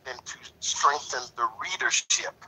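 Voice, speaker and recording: A man's voice: medium pitch, steady tone, a little slow, sharp tone, breathy edge, low-quality recording. A man in a lodge discussion talking in a preachy, emphatic way, repeating himself and leaning on "you know". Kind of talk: passionate casual discussion.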